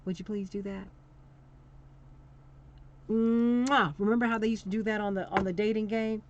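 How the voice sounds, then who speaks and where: A woman's voice: mid-range voice, little pitch movement, quick pace, darkish tone. A middle-aged woman hosting a call-in talk show, chatty and affectionate, laughing often and sounding tired. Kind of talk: casual call-in radio chat. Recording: slightly dull lo-fi stream with faint noise.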